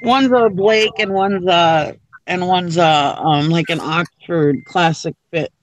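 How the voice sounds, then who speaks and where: A woman's voice: on the low side, fairly even intonation, takes it slowly, a little hiss or hum, poor audio. A woman co-hosting a casual chat, laid-back and a little hesitant.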